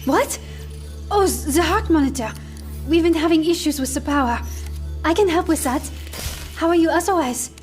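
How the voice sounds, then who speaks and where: A gentle young woman, high-voiced. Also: normal speed, long pauses, faint music behind. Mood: flustered. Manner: earnest, hesitant, gentle. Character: gentle young woman, kind, nervous, sincere. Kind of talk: video game cinematic drama.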